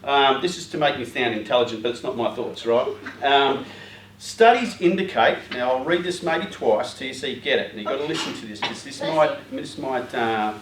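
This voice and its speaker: A man's voice: medium pitch, normal speed. A man giving an informal talk to a youth group, joking and rambling with lots of fillers and asides. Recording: roomy hall, voice far from mic.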